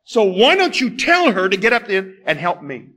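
Preacher voicing an indignant, demanding woman. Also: fast talker. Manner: higher and louder, indignant. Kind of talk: sermon.

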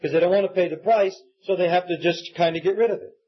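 High-voiced husky man preaching. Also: steady tone, quick pace. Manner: earnest preaching, acts out quoted pleas. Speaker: pastor. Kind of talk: sermon. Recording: dull lo-fi recording.

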